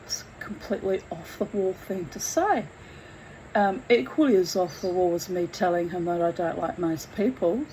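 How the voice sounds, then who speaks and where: A woman telling her own story in a candid, blunt and animated way, swearing freely as she goes. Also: on the low side, moderate pace, a little hiss or hum, rough recording. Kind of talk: candid first-person storytelling.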